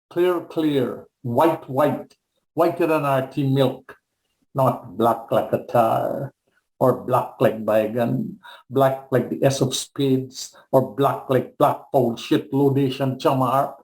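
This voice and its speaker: An older man from the Caribbean reading his poems aloud on a video call, in a measured and deliberate way. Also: mid-range voice, a little mellow, echoey room, poor audio. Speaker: guest poet. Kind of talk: poetry reading.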